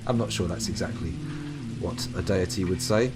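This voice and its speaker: A man's voice: lowish voice, brisk, over music. A man from the UK streaming a game live, commenting with dry, sarcastic, jokey asides. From United Kingdom. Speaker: gaming streamer.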